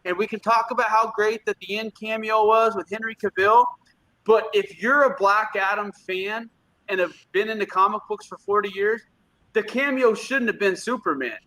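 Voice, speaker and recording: A man's voice: sits high, normal speed, pushed and bright, low-quality recording. A man co-hosting a casual pop-culture podcast, talking in a blunt, profane, opinionated way. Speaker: podcast co-host.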